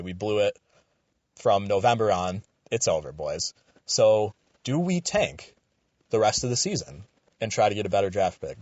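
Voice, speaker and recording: A young man from Western New York giving a casual, rambling opinion commentary, swearing freely and getting animated. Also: lowish voice, no echo, lo-fi sound. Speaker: radio show commentator.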